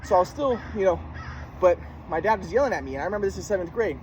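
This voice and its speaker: A man with a slightly high voice tells a casual, rambling story, repeating words and restarting sentences as he acts out the moves. Clear background noise sits under his voice throughout. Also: animated, racing. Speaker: storyteller recounting his youth. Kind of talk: casual monologue with demonstrations.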